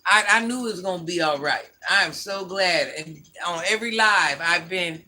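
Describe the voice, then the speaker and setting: At a normal speed, an older livestream host with a fairly low, pushed, bright voice responds to what viewers write. She scolds them bluntly and sassily in a casual stream.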